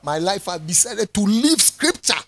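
A man preaches a sermon, his fairly high voice leaping up and down in pitch as he jokes with the people and calls for answers. His delivery is animated and conversational. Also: moderate pace. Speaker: pastor.

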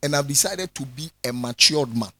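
A man, a pastor preaching a sermon in an animated way, joking with his congregation and calling for their responses. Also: medium pitch, normal speed, husky.

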